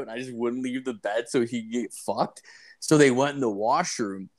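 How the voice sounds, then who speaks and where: A man's voice: mid-range voice, moderate pace. Rambling young man telling crude stories. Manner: rambling storyteller, many "like"s, swears freely. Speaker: podcast co-host. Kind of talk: crude casual podcast banter.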